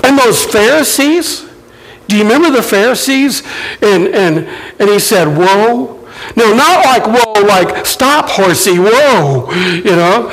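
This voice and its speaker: A man preaching with a high, lively voice that rises and falls widely. He speaks slowly and deliberately, and he acts out quoted lines in shifting voices as he preaches. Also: rough recording. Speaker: pastor. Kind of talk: sermon.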